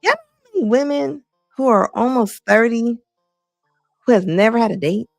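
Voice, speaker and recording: Blunt gravelly woman commentator. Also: on the high side, normal speed, dry recording, studio quality, soft background music. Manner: blunt, emphatic, repeats lines for effect. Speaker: commentary host. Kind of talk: casual reaction commentary.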